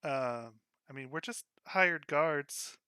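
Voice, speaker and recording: A modest hired guard woman talks hesitantly and politely, as a man voices her, her pitch raised well above his own. She takes her time, stopping often. The sound is close and dry. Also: bright, forceful tone, smooth, no room sound. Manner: hesitant, polite, full of pauses.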